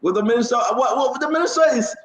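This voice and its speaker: A man's voice: extremely high pitch, expressive, very fast, echoey room, a little hiss or hum, poor audio. A man hosting a casual online talk show, chatty and upbeat, drifting into preachy asides.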